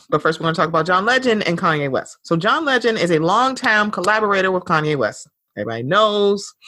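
A woman hosting a podcast, giving blunt, animated pop culture commentary and swearing freely. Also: fairly low pitch, dry recording, studio quality. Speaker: podcast host.

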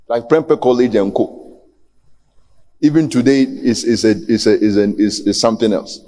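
Pastor preaching in a reverberant church. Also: male voice, mid-range voice, moderate pace, dark tone. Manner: challenging, pleading, rising to emphatic peaks. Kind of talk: sermon. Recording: long hall reverb.

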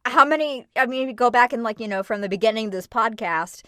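A woman voice actor chatting as a podcast guest, playful and animated, slipping into voices for effect. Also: on the high side, brisk, dry recording, studio quality. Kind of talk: casual podcast chat.

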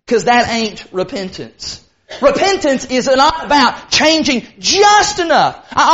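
A man's voice: very high-pitched, fairly bright tone. A man preaching a sermon to a congregation in an emphatic, folksy way. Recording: dull lo-fi recording.

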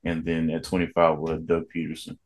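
A man with a low, deep voice co-hosts a casual podcast. He talks in a relaxed, unhurried way and reads out a ranked list in a steady drone. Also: crowd noise. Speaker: podcast co-host. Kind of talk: casual chat.

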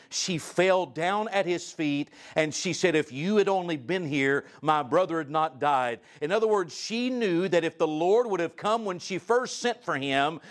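A male guest preacher delivering a sermon, reading scripture aloud and asking the congregation direct questions, his pitch and loudness swinging widely. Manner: reads scripture aloud in old-style wording; asks the listeners direct questions.

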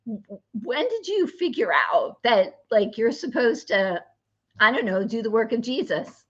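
A woman's voice: a little high, very animated, a little slow, slightly rough. Bubbly woman hosting a faith talk show. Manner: bubbly, laughs often, affirms with "come on". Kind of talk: casual faith interview chat. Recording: dull, muffled audio.

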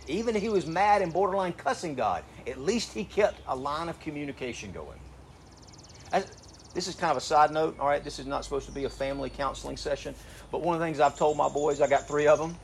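A middle-aged man preaching a sermon in a conversational way, asking rhetorical questions and slowing down to read scripture. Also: medium pitch, a little hiss or hum. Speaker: pastor. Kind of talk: sermon to graduating seniors.

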